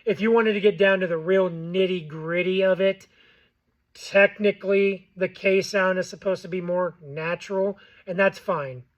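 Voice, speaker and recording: A man's voice: high voice, fairly even intonation, moderate pace, highs cut off. A man giving a casual how-to tutorial on goose calling, plainspoken and loose, repeating himself with fillers. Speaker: goose call instructor.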